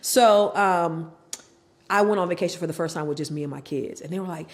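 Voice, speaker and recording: A woman's voice: fairly low pitch, fairly quick. A middle-aged woman telling her own story as a guest, acting out what her family members said. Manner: animated, acts out family members' lines in voices. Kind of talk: candid personal storytelling.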